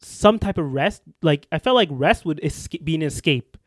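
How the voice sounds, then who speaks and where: With lively intonation and a higher voice at normal speed, a young man tells a story while co-hosting a podcast. The recording is dry and studio-clean, and his telling wanders with lots of restarts and fillers.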